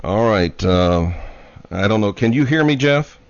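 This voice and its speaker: Slow-talking low-voiced male radio host. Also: expressive, smooth, dry recording. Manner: unhurried, halting, lots of fillers. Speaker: radio talk show host. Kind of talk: live radio talk. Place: radio studio. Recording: dry, dull lo-fi radio studio sound.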